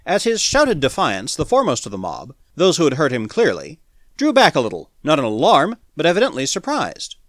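A man narrating a pulp science fiction story as an audiobook in a dramatic, animated reading. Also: fairly high pitch, a little fast, dry recording, studio quality.

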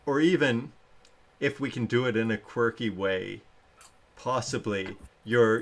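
A man's voice: fairly low pitch, a bit bright. A man hosting a casual live-stream chat, rambling and interrupting himself, reading audience comments aloud. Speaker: show host.

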